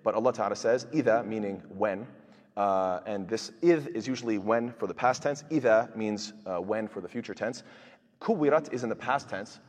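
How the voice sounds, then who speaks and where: Fast-talking man giving a Quran lecture. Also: fairly low pitch, big-room sound. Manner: explanatory, rhetorical questions, frequent fillers. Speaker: Quran teacher. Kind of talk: tafseer lecture.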